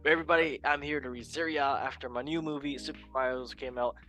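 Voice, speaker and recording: A man's voice: mid-range voice, steady tone, fast, sharp tone, faint music behind, lightly acted. A man putting on a boastful, goofy male movie star who plays a plumber hero, hamming it up with bits of a fake Italian accent. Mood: goofy bragging. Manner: hammy, self-promoting, slips into a fake Italian accent.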